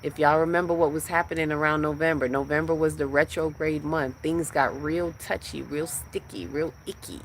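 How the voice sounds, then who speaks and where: A woman's voice: deep voice, steady tone, normal speed, few pauses, a little hiss or hum. A woman hosting a spiritual livestream, teaching in a rhythmic, repetitive preaching cadence.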